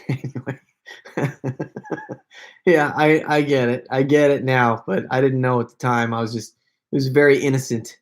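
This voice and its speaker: A man's voice: medium pitch, fairly even intonation, unhurried, long pauses. A man casually answering fan questions on a live stream, rambling and self-deprecating, with frequent stammers and laughs.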